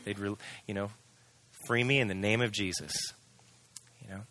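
A man's voice: on the low side, steady tone, moderate pace, pushed and bright, no room sound. A man candidly telling his personal testimony in an earnest, storytelling way. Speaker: testimony speaker.

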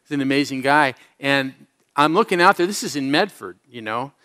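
A man's voice: medium pitch, expressive, brisk, bright, forceful tone, clean tone. A middle-aged man, a pastor, preaching a sermon to a congregation, telling stories in an earnest way with some self-mocking humor. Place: church service before a congregation.

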